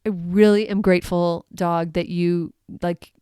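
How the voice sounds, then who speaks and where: A woman's voice: on the low side, fairly even intonation, a little slow, warm tone, smooth, dry recording, clean studio sound. A woman coaching dog sport handlers on her podcast, chatty and upbeat, with many fillers and frequent laughter. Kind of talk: solo coaching podcast talk.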